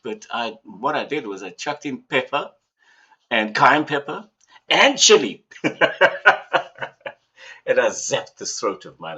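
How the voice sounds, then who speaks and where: A man's voice: mid-range voice, sharp tone, husky, highs cut off. A man from Africa, hosting a casual livestream from home, rambling and chuckling with theatrical flourishes. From southern Africa. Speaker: livestream host.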